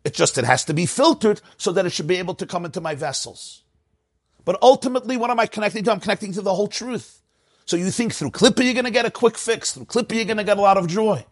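A man teaching a Torah class with a husky voice, swinging his pitch widely between low storytelling and high, emphatic points. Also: lively intonation, fast.

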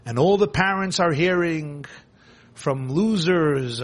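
A man giving an impassioned sermon, repeating phrases and swinging between hushed and loud delivery. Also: fairly high pitch, lively intonation, slow.

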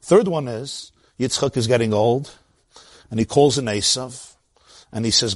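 A man with a Brooklyn accent giving an animated Torah lecture, acting out the voices in the stories he tells. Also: mid-range voice, moderate pace, no echo, studio quality. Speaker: teacher of Torah.

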